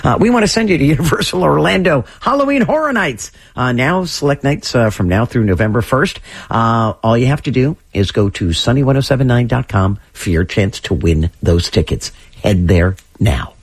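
Brief: male radio DJ, husky tone, very animated pitch, chatty live ad read. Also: moderate pace, no room sound. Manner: upbeat, chatty, with filler uhs. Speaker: radio host. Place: radio studio.

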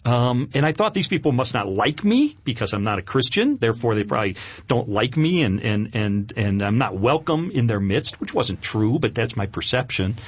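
A middle-aged man telling his life story as a guest on an interview show, emotional and animated, with many restarts. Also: mid-range voice, moderate pace, slightly rough, no room sound.

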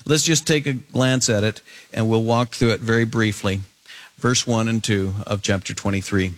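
Preacher guy, voice jumps way up then drops low and slow, talks through scripture like he's chatting. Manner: animated, swinging from high emphatic bursts to low drawn-out words; paraphrases scripture conversationally. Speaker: pastor. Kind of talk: expository sermon.

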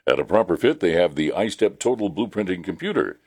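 A man's voice: sits low, big pitch swings, fairly quick, a little mellow, slightly rough. A man hosting a radio show, introducing comedy clips and reading a sponsor segment in an upbeat announcer delivery. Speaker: radio morning show host.

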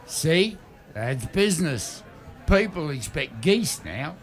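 A man's voice: fairly high pitch, sing-song, takes it slowly, full character voice. An actor playing Baz, an eager man who blurts wild theories and stubbornly defends them. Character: male Baz, gullible believer in ghosts and bunyips.

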